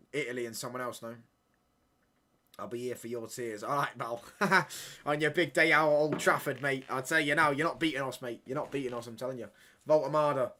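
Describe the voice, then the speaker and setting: Young male streamer, excitable football reactions, slangy banter, bright tone. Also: mid-range voice. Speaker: watchalong streamer. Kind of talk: live football watchalong reaction.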